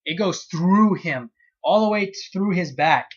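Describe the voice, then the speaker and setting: A man's voice: high-pitched, a little slow, slightly rough, highs cut off. A man casually reviewing a comic chapter, cursing freely and acting out his reactions as he retells it. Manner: profane, animated retelling with acted-out reactions. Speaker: manga reviewer.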